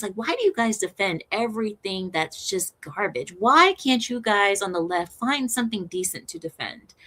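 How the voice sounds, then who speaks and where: Bright-voiced woman ranting with laughter. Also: medium pitch. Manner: animated, breaks into frequent laughter; sarcastic, mocking. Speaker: vlogger. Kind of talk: opinionated commentary monologue.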